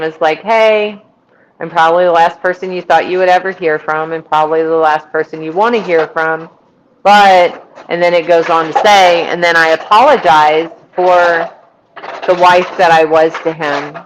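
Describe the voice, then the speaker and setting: A woman's voice: low-pitched, a little hiss or hum, poor audio. A middle-aged woman from Missouri, a podcast guest telling her testimony and acting out the people she quotes. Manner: lively retelling with quoted voices. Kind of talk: storytelling testimony.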